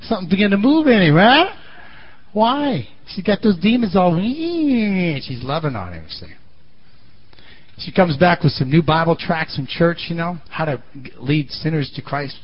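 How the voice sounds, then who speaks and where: A man preaching a sermon in an animated way, swinging between loud and quiet, on a muffled lo-fi recording. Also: a little high, unhurried, slightly rough.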